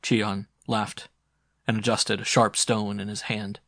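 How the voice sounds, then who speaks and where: Low-voiced male audiobook narrator. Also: slow, gravelly, dry recording, clean studio sound. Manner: dramatic, expressive storytelling. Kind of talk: scripted narration.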